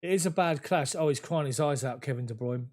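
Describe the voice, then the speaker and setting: Excitable fan calling a match. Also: male voice, a little high. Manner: rapid, emotional, conversational play-by-play. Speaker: fan commentator. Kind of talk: live match commentary from a fan's view. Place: at home.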